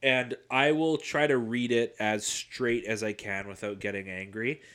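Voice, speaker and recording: A man's voice: medium pitch, steady tone, a little slow. A man co-hosting a casual sports podcast, joking, swearing and laughing. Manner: jokey, swears, laughs loudly. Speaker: podcast co-host.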